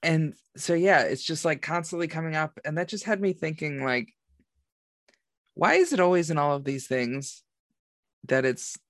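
A man's voice: fairly high pitch, animated, moderate pace, no echo, clean studio sound. A man chatting casually about a movie, rambling with lots of fillers. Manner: rambling, filler-heavy storytelling. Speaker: podcast co-host. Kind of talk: casual movie review chat.

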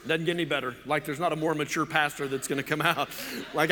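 A pastor from Oklahoma preaching a sermon in a chatty, joking way, full of casual fillers. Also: male voice, on the high side, fairly even intonation, fast, bright, forceful tone, big-room sound. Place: church.

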